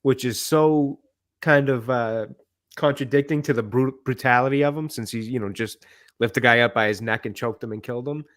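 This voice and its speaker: Guy geeking out about a movie villain, mid pitch, searching for words. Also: normal speed, a bit bright. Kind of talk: casual film review chat.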